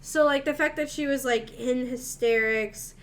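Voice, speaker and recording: A woman hosting a casual book club podcast, chatting and laughing, with loud outbursts. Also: sits high, measured pace. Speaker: podcast host.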